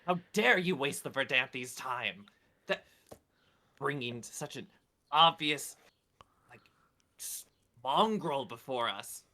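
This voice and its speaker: A man's voice: mid-range voice, lively intonation, takes it slowly, long pauses, pushed and bright, voice pushed up, heavily acted. A man voicing a haughty, pompous church noble who scolds commoners in a tabletop game. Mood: scornful. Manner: pompous, imperious, insulting.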